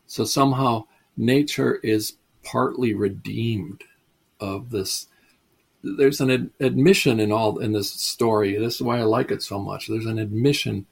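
A man's voice: mid-range voice, gravelly, breathy edge. A man giving a storytelling lecture, chatty and digressive, chuckling at his own stories. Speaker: lecturer on mysticism.

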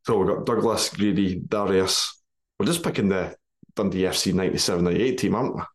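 Scottish male podcast host, lowish voice, jokey banter, laughs a lot. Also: fast. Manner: jokey, laughs often, broad dialect words. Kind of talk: casual football podcast chat.

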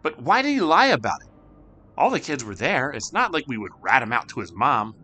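A man voicing an excitable, loud little girl who blurts everything out. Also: fairly quick, breathy edge, full character voice. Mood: excited. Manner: shrill and blurting.

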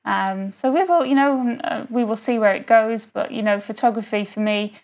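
A woman's voice: fairly high pitch, normal speed, vocal fry, a little mellow. A woman photographer, a guest on a podcast, chatting casually and filling her speech with "you know". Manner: friendly, lots of "you know" fillers. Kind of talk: casual interview conversation.

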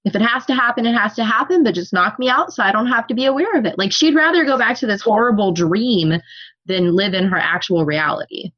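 A young adult woman co-hosting a casual book podcast, talkative and quick to laugh. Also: a little high, lo-fi sound. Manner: talkative, laughs often, tells personal stories. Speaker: podcast co-host. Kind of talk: casual book discussion chat.

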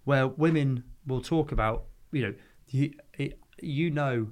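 A man's voice: medium pitch, darkish tone. A man, a divorce lawyer talking earnestly in a podcast conversation, often restarting his sentences. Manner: earnest, halting with frequent restarts.

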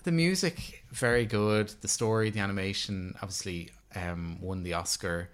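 Low-voiced chatty man reviewing films. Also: moderate pace, a bit bright, clear, resonant tone. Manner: rambling, chatty, with many fillers and restarts. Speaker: podcast co-host. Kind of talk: casual film review chat.

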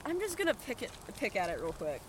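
A woman's voice: mid-range voice, wildly swooping pitch, fast talker, a little hiss or hum. A young woman co-hosting a podcast on a walk through woods, holding a handheld microphone, playful and stubborn. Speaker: podcast co-host. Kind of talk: casual chat while walking outdoors. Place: woods, outdoors.

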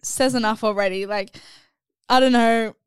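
A woman's voice: fairly high pitch, steady tone, normal speed, smooth, no echo, studio quality. A woman co-hosting a podcast in casual chat, giggling as she reads aloud. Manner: giggly, reads aloud between bursts of laughter. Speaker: podcast co-host.

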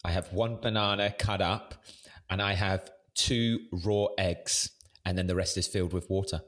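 A man co-hosting a casual podcast, easygoing and quick to laugh. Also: sits low, fairly even intonation, a bit bright. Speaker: podcast co-host.

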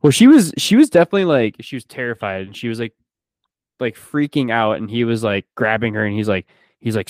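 On his podcast, a man with a fairly low voice talks quickly and casually about a movie, performing its characters' quoted lines with lively energy as he retells it. There's no room sound in the recording.

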